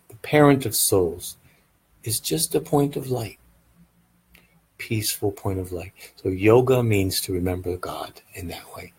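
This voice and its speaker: A man's voice: mid-range voice, slightly rough, rough recording. A man giving a casual, rambling meditation lesson, earnest and often checking in with "right?". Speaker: meditation teacher.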